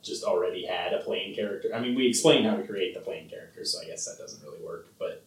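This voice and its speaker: A deep-voiced podcast co-host talks fast and rambles casually about a film, with lots of fillers and laughs. He sits off the mic, so the sound is distant and roomy.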